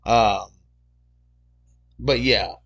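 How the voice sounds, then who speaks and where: A man hosting a casual MMA livestream, reading viewer comments aloud and talking in an excitable, slangy way that loops back on the same point. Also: medium pitch, drawn-out words, creaky, breathy edge, lo-fi sound. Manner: excitable, repeats himself, slangy.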